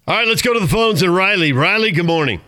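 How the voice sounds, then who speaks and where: A man's voice: high voice, expressive, fast, sharp tone, no echo, studio quality. A man hosting a sports radio show, teasing his co-host and laughing often. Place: radio studio.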